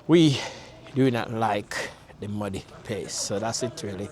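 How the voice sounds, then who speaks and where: A man's voice: on the low side, measured pace, darkish tone. A man talking casually as a travel vlogger outdoors, in loose, repetitive, chatty commentary. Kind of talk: casual vlog narration. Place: outdoors around a town.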